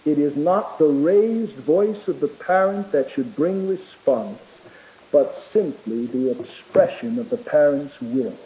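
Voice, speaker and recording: Male preacher, sermon delivery, emphatic swings from loud to soft; high mellow voice, muffled lo-fi recording. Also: expressive, takes it slowly. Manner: reads quotations aloud. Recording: dull lo-fi recording.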